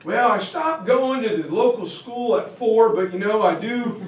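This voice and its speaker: A man's voice: high voice, lively intonation, measured pace, slight background noise, pitched above the performer's own voice. Brief: man acting out an earnest, insistent teen boy in a lecture anecdote, heard from a distance. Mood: eager. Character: eager teenage boy pleading his case. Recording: roomy, from far off.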